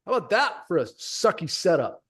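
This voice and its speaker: A man's voice: high-pitched, fairly quick, husky. A man coaching a group on sales conversations, talking energetically and emphatically straight to his listeners. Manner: energetic, emphatic, direct address. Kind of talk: coaching session.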